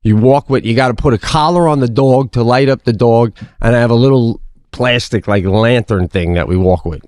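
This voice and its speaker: A middle-aged man co-hosting a podcast, telling a story in casual chat, animated and swearing freely, acting out his own shouting. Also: mid-range voice, normal speed, clean tone, no echo, studio quality. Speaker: podcast co-host.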